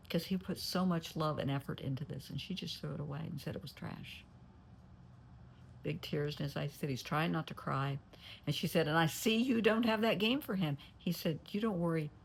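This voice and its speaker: Gravelly-voiced therapist telling a story. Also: medium pitch, a little hiss or hum. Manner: emotional retelling, voice drops to a near whisper.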